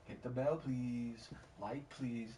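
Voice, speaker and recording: A man streaming a game and telling a story in rambling, slangy chat that often drops to low mutters. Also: fairly even intonation, slow pace, dark tone. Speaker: gaming streamer. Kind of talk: casual storytelling while gaming. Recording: distant mic, faint background hiss.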